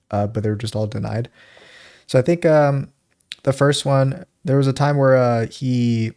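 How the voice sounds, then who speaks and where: A man's voice: mid-range voice, mellow. A man co-hosting a podcast, telling a story in rambling casual chat, often stopping to act out what people said. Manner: rambling, laughs often, acts out quotes. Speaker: podcast co-host.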